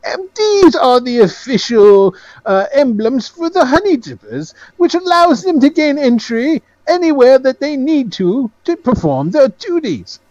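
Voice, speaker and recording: A man doing a pompous, fast-talking con-man in a tabletop game, his voice pitched up and swooping with showy pride. The sound is dry and a little dull. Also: big pitch swings, a little mellow, dry recording, exaggerated voice.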